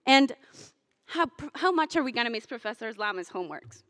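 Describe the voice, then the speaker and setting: A woman's voice: fairly high pitch, sing-song, brisk, fairly bright tone, dry recording, clean studio sound. Young woman giving an emotional graduation speech. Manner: emotional, chokes up and laughs through tears, then jokes with the crowd. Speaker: graduating student speaker. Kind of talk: commencement speech. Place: hotel ballroom.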